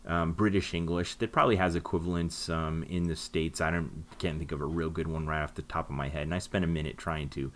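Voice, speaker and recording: A man's voice: rumbling low, fairly even intonation, brisk, hardly any pauses, slight background noise. A man co-hosting a podcast, explaining things in a rambling casual way with many fillers. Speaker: podcast co-host.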